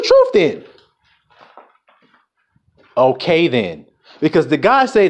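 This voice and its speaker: A man's voice: wildly swooping pitch, takes it slowly, pauses often. Fiery, profane preaching man. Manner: emphatic, profane, swings from low mutters to shouts. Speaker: self-styled preacher. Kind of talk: fiery street-style sermon.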